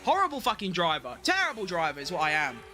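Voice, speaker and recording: A young man giving excitable live commentary on his own racing game, talking to himself and chanting while he drives. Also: high voice, fast, faint music behind. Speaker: gaming streamer.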